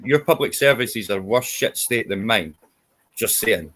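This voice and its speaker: A man's voice: fairly low pitch, lively intonation, measured pace, a bit bright. A Scottish man in a casual group chat, blunt and sweary, teasing and arguing his point. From Scotland. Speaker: guest.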